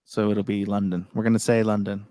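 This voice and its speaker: A man's voice: fairly low pitch, flat delivery, a little fast, mellow, no room sound. An American man hosting a casual tech livestream chat, joking around and swearing freely. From United States. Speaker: host.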